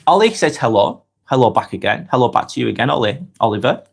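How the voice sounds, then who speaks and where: A man with a Lancashire accent, hosting a calm live stream, reading viewers' comments aloud and chatting back in an unhurried way with lots of ums and restarts. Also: mid-range voice, gravelly. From North West England. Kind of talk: casual live-stream chat.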